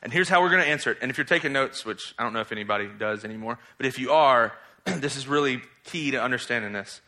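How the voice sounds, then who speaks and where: A man preaching a sermon as pastor, reading scripture and acting out quotes with lively, mocking emphasis. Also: mid-range voice, fast. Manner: animated, mocks in exaggerated voices while quoting.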